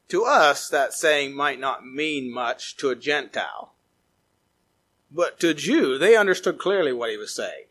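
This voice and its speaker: A male pastor preaching a sermon, reading scripture aloud and swinging between emphatic rises and quiet, low drops. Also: very animated, moderate pace, breathy edge.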